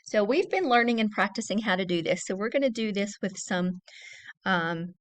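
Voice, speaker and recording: A woman teacher giving a recorded early-grade reading lesson, saying each word slowly and clearly and repeating it for young children. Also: mid-range voice, expressive.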